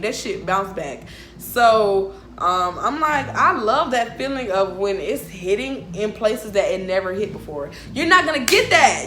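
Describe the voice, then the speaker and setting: A woman in her twenties telling a storytime vlog, animated, frank and profane, laughing often. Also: mid-range voice, reverberant, slight background noise. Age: 20s. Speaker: vlogger. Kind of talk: casual storytime monologue.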